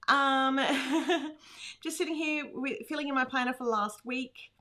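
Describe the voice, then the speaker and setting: With a high, sharp voice, fairly even intonation, and a slow pace, an Australian woman runs a casual livestream from a home room. She chats, laughs often, and greets viewers by name.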